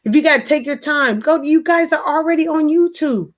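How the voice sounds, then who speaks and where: Speaking a little fast in a high voice, a woman runs a live stream from her home. Her manner is earnest and repetitive, with frequent restarts, as she shares a personal story and goes through viewers' comments.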